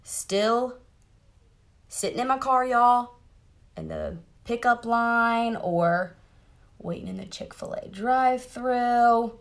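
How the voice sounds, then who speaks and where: A woman's voice: fairly high pitch, slow. A woman, chatting bubbly and direct to viewers during a casual live makeup tutorial, sitting in a car. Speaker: makeup seller doing a live demo. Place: parked car.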